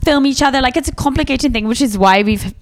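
A woman's voice: high-pitched, quick pace. Blunt, teasing woman podcast co-host. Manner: blunt, swears freely, deadpan teasing. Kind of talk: casual chat.

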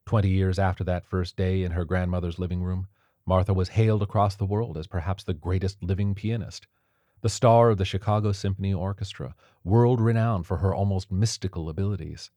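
Very deep-voiced male narrator. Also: no echo. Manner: steady, measured storytelling. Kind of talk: audiobook narration.

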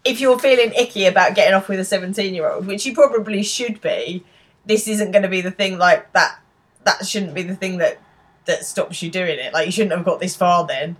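A woman's voice: mid-range voice, brisk. A woman co-hosting a casual podcast, recapping a TV episode and often trailing off mid-thought. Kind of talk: casual chat.

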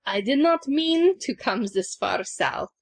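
A woman playing a tabletop game, speaking in character in a measured, formal way. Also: a little high, lively intonation. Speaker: player voicing her character. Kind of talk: tabletop role-play in character.

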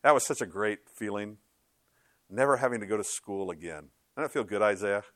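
A man's voice: lowish voice, fairly quick, a bit bright, dry recording, clean studio sound. A middle-aged male pastor giving a conversational sermon in a church, joking and acting out other people's voices.

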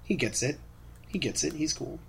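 A man co-hosting a casual fan podcast, animated, laughing often as he retells scenes. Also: fairly high pitch, normal speed, creaky, a crowd in the background. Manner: animated, laughs often, acts out characters' lines. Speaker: podcast co-host.

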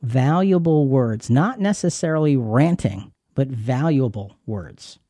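A man's voice: mid-range voice, expressive, a little slow, mellow, no echo, studio quality. A man co-hosting a Christian marriage teaching, talking with emphatic, preacherly repetition. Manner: emphatic, preacherly, repeats words. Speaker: Christian radio co-host.

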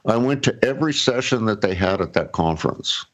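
A man's voice: fairly low pitch, expressive, fairly quick. Rambling man telling a story. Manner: rambling, chuckling, with many fillers and restarts. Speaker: guest telling his story. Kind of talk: casual storytelling.

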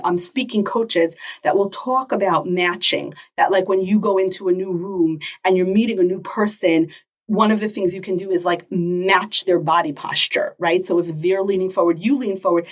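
A middle-aged woman hosting a parenting podcast, talking casually and animatedly, now and then acting out quick exchanges between a parent and a child. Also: medium pitch, husky, distant mic. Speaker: podcast host.

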